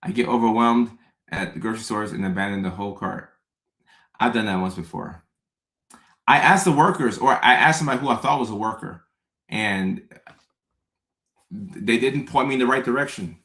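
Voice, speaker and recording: A man's voice: lowish voice, moderate pace, long pauses, a bit bright. A man hosting his own show, talking casually to his audience in a rambling way, repeating himself and making self-mocking asides. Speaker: show host. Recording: roomy echoey room.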